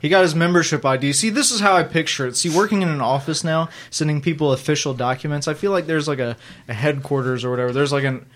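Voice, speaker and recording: Animated man acting out comic scenes. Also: a little high, fast, hardly any pauses. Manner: animated, acts out comic scenes in funny voices. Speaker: podcast co-host. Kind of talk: casual podcast chat.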